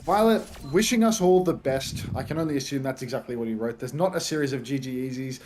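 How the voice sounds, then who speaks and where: A man's voice: mid-range voice, fast talker, a little mellow, soft background music. A man casting a live esports match, with dry, sardonic banter between plays. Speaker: esports caster.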